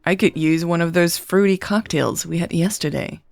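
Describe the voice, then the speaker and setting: A woman voicing a tired, wry businesswoman who speaks in a dry, unhurried way, in a story read aloud. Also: lowish voice, gravelly, a little mellow, no echo.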